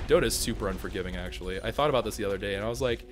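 With music behind him, a man hosting his channel talks fast through goofy, casual commentary on his own gameplay. He frequently breaks out in abrupt, high-pitched yelps and shouts.

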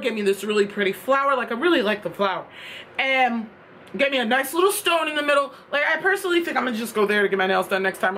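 A woman's voice: sits high, a bit bright, slight background noise. A young woman telling a storytime tale in a casual, exasperated rant, swearing freely. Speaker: vlogger.

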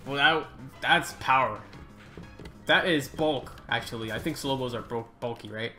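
With faint music behind him, a medium-pitched man hosts his gaming channel and rambles casually about his gameplay. He gets excited fast and is quick to groan and swear at the game.

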